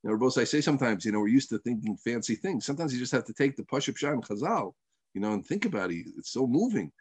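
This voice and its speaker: A man's voice: medium pitch, fast, slightly rough, dry recording. A man teaching a religious text lesson, telling the story with rhetorical questions and asides. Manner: animated storytelling, rhetorical questions, trailing off softly.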